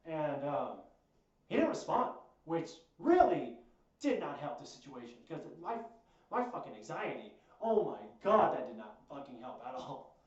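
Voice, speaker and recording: A man's voice: a little high, very animated, a little slow, recorded from a distance. Rambling young man in an echoey room. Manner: rambling, profane, with many fillers and restarts. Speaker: storytime host. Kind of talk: storytelling. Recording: echoey room, voice set back from a dull mic.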